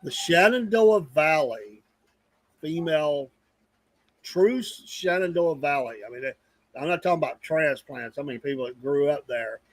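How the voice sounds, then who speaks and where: Dry-sounding co-host. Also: male voice, fairly high pitch, unhurried, no room sound. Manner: storytelling, hedging, earnest. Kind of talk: casual chat.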